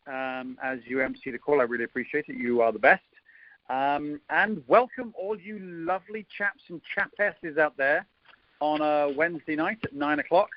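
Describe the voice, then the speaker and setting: A man's voice: fairly high pitch, normal speed, no echo. A man in his fifties with an English accent, hosting a conference call interview in a chatty, teasing way with lots of ums. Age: 50s. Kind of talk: casual chat, jokey introduction. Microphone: phone line on a conference call. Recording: dull dry phone-line sound.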